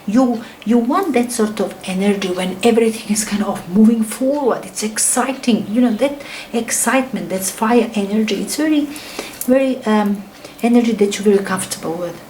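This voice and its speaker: A woman's voice: fairly high pitch, normal speed, dark tone, a little hiss or hum, rough recording. A middle-aged woman giving a casual tarot reading in non-native English, rambling and enthusiastic, her phrases often sinking to a near whisper. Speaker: tarot reader.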